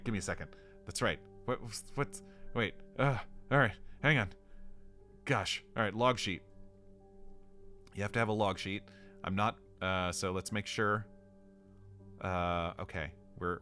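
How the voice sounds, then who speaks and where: A man with a low, bright voice plays through a solo tabletop adventure. He narrates and mutters rambling asides to himself. Faint music runs underneath. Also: unhurried, pauses often. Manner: chatty, rambling self-talk with asides and chuckles. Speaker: solo tabletop game player.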